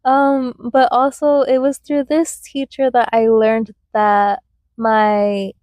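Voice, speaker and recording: Young woman host, casual chatty storyteller with fillers and laughter, fairly high voice, unhurried delivery, dry close sound. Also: little pitch movement, darkish tone, no echo. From United States. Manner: chatty, laughs often, many likes and fillers. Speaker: podcast host.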